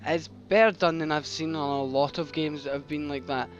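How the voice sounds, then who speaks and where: A man hosting a game commentary, excitable and swearing at the screen. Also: fairly high pitch, normal speed, slight background noise. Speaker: host. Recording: dull mic with game music.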